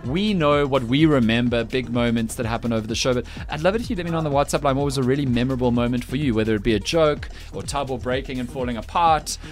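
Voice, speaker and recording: A man's voice: medium pitch, quick pace, few pauses. South african guy doing breakfast radio links, teasing and chatty, faint music bed. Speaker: radio breakfast show host.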